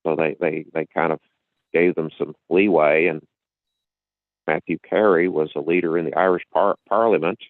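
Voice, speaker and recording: A man's voice: rumbling low, steady tone, moderate pace, no echo. A man hosting a podcast and explaining at length in a casual, lecturing way, often restarting his sentences. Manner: lecturing, with frequent restarts and repetitions. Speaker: podcast host. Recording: tinny phone-like line, dry.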